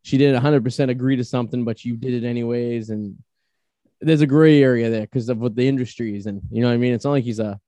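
A man's voice: medium pitch, fairly even intonation, fast talker, dark tone, no room sound. A man in his thirties hosting a podcast, telling rambling stories in casual chat and swearing freely. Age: 30s. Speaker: podcast host.

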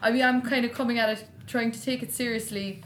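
A woman's voice: on the high side, steady tone, fast talker, a little hiss or hum. Frank, sweary Irish woman. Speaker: actor discussing a script. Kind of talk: casual chat. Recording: echoey room.

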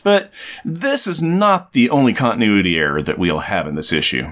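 A man's voice: lowish voice, animated, moderate pace, a bit bright. A man co-hosting a casual podcast, recapping a comic book in a wry, storytelling way. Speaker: podcast co-host.

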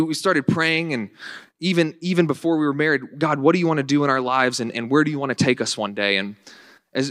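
A man in his late twenties preaches to his congregation in a lively, conversational way, with quick restarts and asides. His voice sits at an ordinary middle pitch. The sound is dry and close, with little room echo. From Northern Virginia. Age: late 20s. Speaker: pastor. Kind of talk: sermon.

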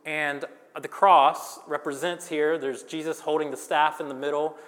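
High-voiced preacher in a big hall. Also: male voice, flat delivery, moderate pace. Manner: dramatic, swings from loud to hushed, jokes with the congregation. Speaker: pastor. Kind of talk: sermon. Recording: long reverb of a large hall.

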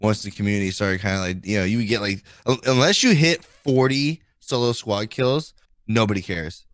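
A man's voice: on the low side, normal speed, a bit bright, no echo, studio quality. A man co-hosting a casual podcast, laid-back, often saying "you know" and "dude". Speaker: podcast co-host. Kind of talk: casual chat.

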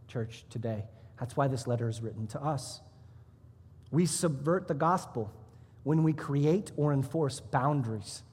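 A man's voice: medium pitch, breathy edge, in a large hall. A man serving as pastor, preaching a sermon in a church with emphatic rises and drops in his delivery. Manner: emphatic, rising and dropping for emphasis. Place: church sanctuary.

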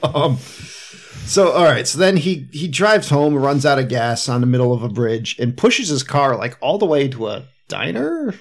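A man's voice: mid-range voice, sing-song, normal speed. A man co-hosting a casual podcast chat, recapping a film's plot and laughing often as he talks. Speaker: podcast co-host recapping a film.

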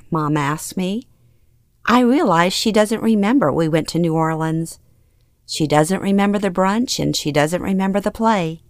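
A middle-aged woman from Louisiana reads her own memoir in a fairly low voice, earnest and openly emotional. The sound is close and dry, with no room around it. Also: normal speed, no echo. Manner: earnest, emotionally expressive storytelling. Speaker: memoir narrator. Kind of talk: first-person memoir reading.

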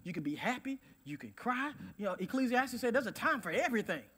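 A man preaching a sermon, emphatic, repeating key phrases and swinging between loud declarations and hushed asides. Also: very high voice, very animated, quick pace, breathy edge.

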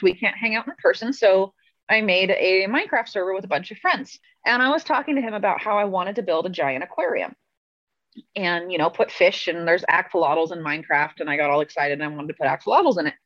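A woman's voice: medium pitch, no echo, dull audio. A woman guest on a video call, telling rambling, self-amused stories in a casual chat. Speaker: podcast guest.

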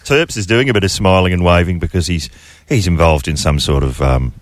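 A man's voice: low voice, dry recording. A man hosting a radio show, bantering casually and laughing easily. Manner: jokey, quick to laugh. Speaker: radio host.

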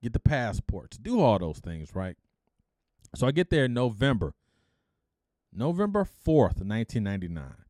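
A man's voice: mid-range voice, sing-song, moderate pace, long pauses, a little mellow, dry recording. A middle-aged man from Detroit hosting a podcast, telling a story casually and with energy, acting out the people he quotes and adding blunt slangy asides. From Detroit, USA. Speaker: podcast host.

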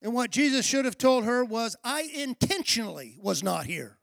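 A man preaching a sermon as pastor, telling a story and acting out its dialogue, then building to shouted emphasis. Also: very high-pitched, expressive, moderate pace, vocal fry, dry recording, studio quality.

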